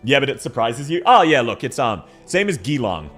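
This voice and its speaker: A man streaming live and chatting in a casual way, his pitch bouncing wildly up and down as he reacts to his viewers. He laughs a lot and keeps the talk loose. Soft music plays faintly behind him. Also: sing-song, fairly quick.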